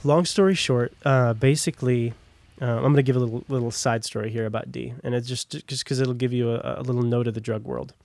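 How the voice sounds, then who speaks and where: A man's voice: mid-range voice, steady tone, fairly quick, gravelly, a little mellow, no echo. A young man telling his personal testimony as a podcast guest, in a casual, rambling way full of fillers. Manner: casual, rambling, heavy on "like" and "long story short".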